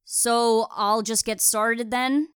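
A woman's voice: mid-range voice, normal speed, clean tone, no room sound, studio quality, pitched above the performer's own voice, lightly acted. A woman reading an audiobook, voicing a friendly young male handyman who calls out cheerfully across a yard. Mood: cheerful calling. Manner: cheerful, calling out loudly.

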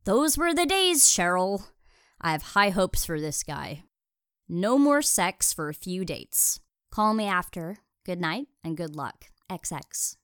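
A woman's voice: on the low side, big pitch swings, slow, fairly bright tone, clear, resonant tone, no echo, clean studio sound, full character voice. Woman voicing a breezy, playful best friend.

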